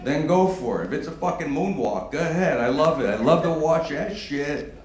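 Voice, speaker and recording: A male stand-up comedian with a fairly high voice delivers a profane, exasperated rant. He swings from low, grumbling asides up to near-shouting outbursts. The live room is echoey, with faint noise under him. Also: animated, moderate pace. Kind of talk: stand-up routine. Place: comedy club stage with audience laughter.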